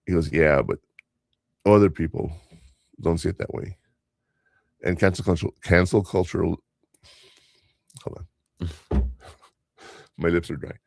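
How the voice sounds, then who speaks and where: Older guy rambling on a podcast, low gravelly voice, dry sound. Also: slow, pauses often, a little mellow, dry recording. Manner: rambling storyteller, quoting others in voices. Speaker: podcast host. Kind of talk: casual podcast chat.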